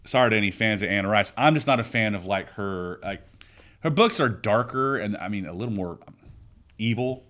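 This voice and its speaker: A man's voice: on the low side, moderate pace. A man co-hosting a podcast, talking casually and with lots of opinions, often restarting his sentences. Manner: rambling, opinionated, animated with frequent restarts. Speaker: podcast co-host. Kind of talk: casual chat.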